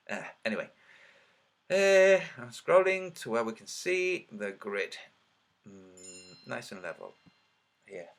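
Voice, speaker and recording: A man making online videos, talking over his screen and counting out loud as he argues his point, his voice a little trembly. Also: medium pitch. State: slightly trembly voice. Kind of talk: screen-share commentary.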